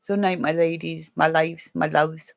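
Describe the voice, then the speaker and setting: A woman's voice: sits low, level tone, measured pace, vocal fry. A middle-aged woman hosting a casual livestream, chatty and playful, laughing often. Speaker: livestream host.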